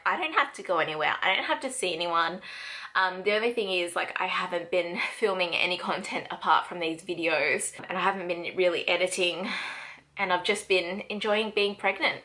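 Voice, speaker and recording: Young Australian woman vlogger, chatty and laughing, with a bright, forceful voice. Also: on the low side. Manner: chatty, laughs often, acts out quotes. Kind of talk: casual chat.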